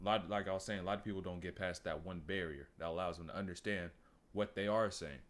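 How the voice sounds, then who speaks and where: A fairly low-pitched man with talks loosely over a clip on his stream. His delivery is relaxed and rambling, and he often stops to talk to his chat. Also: fast talker, slight background noise. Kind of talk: casual stream commentary.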